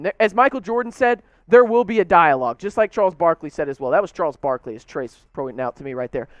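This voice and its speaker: A man's voice: high-pitched, fairly bright tone, clear, resonant tone, no room sound. Exasperated man ranting about football. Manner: frustrated, exasperated ranting with rhetorical questions. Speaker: sports show host. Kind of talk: animated sports commentary rant.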